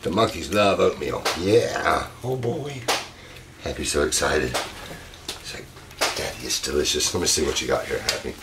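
A deep-voiced man chats casually to his pet, doting and coaxing. His talk has a fond, fussing quality throughout. Clear background noise runs under the recording. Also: sing-song, moderate pace. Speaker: pet monkey owner and channel host.

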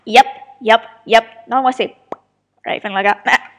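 A woman's voice: fairly high pitch, steady tone, fairly quick. A woman recording her own audio drama, chatting to herself through blooper outtakes in a self-mocking way, sighing often. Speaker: writer and voice actor of an audio drama.

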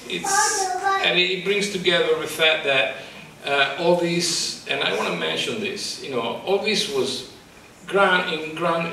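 Halting, passionate man in echoey room. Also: fairly high pitch, bright, forceful tone, a little hiss or hum. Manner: halting, searching for words, passionate. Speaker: photographer presenting his exhibit. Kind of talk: emotional public talk. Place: exhibit talk at a college, indoors. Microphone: microphone in front of him. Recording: echoey room, distant mic.

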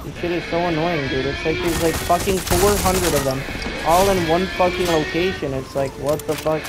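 A man's voice: fairly high pitch, normal speed, very noisy. A young man giving gameplay commentary, frustrated and swearing as he rants at the game he is playing. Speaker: gamer. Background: loud game music and gunfire.

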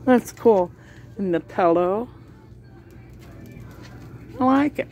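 Woman, unhurried speech, mid-range voice, chatty commentary, handheld phone in a big store. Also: mid-range voice, lively intonation, a little mellow, faint music behind. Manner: chatty, talks to viewers, chuckles often. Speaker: shopping vlogger. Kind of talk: casual running commentary. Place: inside a large retail store.

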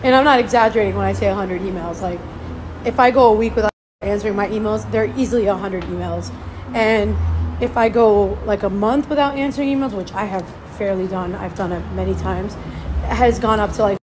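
A young woman talks straight to her followers in a loose, rambling vlog, sounding worn out as she vents about motherhood. Her voice sits at an ordinary middle pitch. A faint hum of background noise sits under her words. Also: fairly quick. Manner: chatty, tired, venting. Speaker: vlogger and mother. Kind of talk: casual vlog talk to camera. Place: at the gym, faint ambient noise.

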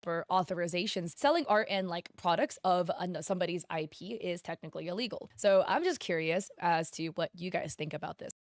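A woman co-hosting casual commentary, explaining and reading out viewer comments, a little hoarse. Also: on the low side, fairly quick, few pauses, no room sound, studio quality.

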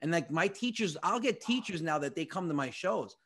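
A man's voice: a little high, animated, brisk, a bit bright, husky. A young man, a comedian telling comic stories on a podcast, acting out the people he quotes. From United States. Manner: comic storytelling, acts out quoted voices, swears freely. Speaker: comedian guest. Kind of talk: animated storytelling.

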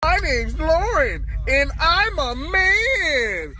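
A teenage girl shouting roast introductions, often laughing as she speaks. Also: high-pitched, big pitch swings, extremely slow, very noisy.

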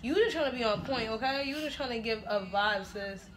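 There's a little hiss or hum as a woman speaks fairly quickly in a fairly high voice. She's at home making dinner and doing her makeup for a casual get-ready-with-me vlog, brash, profane, and often laughing.

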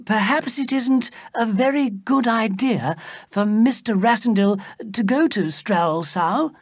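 An earnest young courtier speaks politely and with care, as a woman reading the story puts him on. He sounds somewhat higher than the narrator and a little husky, with a lively lilt. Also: unhurried, no echo, studio quality, full character voice. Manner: polite, cautious speech. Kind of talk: storybook character voice.

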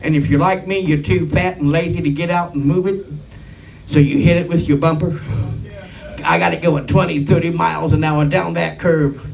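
Stand-up comic, middle-aged man, somewhat high voice, deadpan rambling delivery, mic a little far with faint noise. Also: moderate pace, vocal fry. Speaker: stand-up comedian. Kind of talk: stand-up comedy set.

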